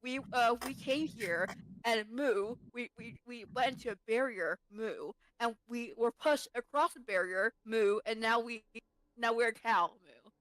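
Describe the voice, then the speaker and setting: A woman voicing a lost, confused druid who has been turned into a cow, speaking slowly and mooing between her phrases. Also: a little high, fairly bright tone, dry recording, poor audio. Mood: lost, pleading. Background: tavern music.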